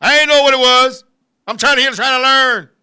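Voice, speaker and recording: A talk-show host in his fifties with a strikingly high, bright, piercing voice tells a raunchy story. He talks loud and animated, cursing freely and laughing along with himself. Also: brisk, clean tone. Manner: loud, animated, crude, laughing between lines.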